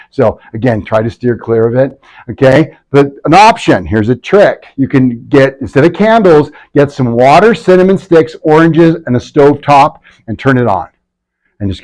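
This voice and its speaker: Lively man leading a health workshop. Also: mid-range voice, rough recording. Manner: energetic, keeps checking in with the audience. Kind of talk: live workshop talk to an audience. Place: indoor room with a live audience.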